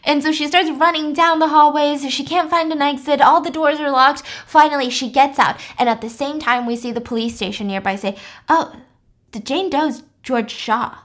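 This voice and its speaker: A woman's voice: sits high, a little fast, hardly any pauses. Chatty young woman retelling a story. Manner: animated retelling with lots of "like" and acted-out quotes. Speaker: podcast host recapping a film. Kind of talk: casual storytelling chat.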